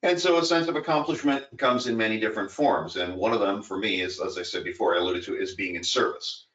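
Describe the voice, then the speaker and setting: A man with a fairly low voice tells a story in an earnest, rambling way with plenty of fillers. He sounds set back from the mic in an echoey room. The recording is dull and lo-fi. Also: fast talker, fairly bright tone, distant mic. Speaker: co-host. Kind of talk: casual storytelling talk. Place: home in Florida.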